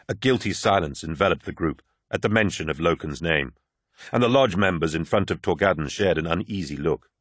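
A man narrating an audiobook with a husky, fairly low voice. His delivery is steady and dramatic with lively shifts in pitch, and the recording is close and dry. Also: brisk, no room sound. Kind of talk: scripted narration.

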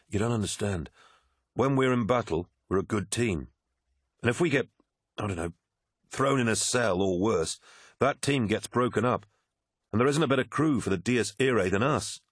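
A man's voice: on the low side, lively intonation, moderate pace, pauses often, breathy edge, dry recording, studio quality, voice pushed up. A man voicing a worried, pragmatic male officer who pleads urgently in a raised voice in an audiobook. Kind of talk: audiobook character voice.

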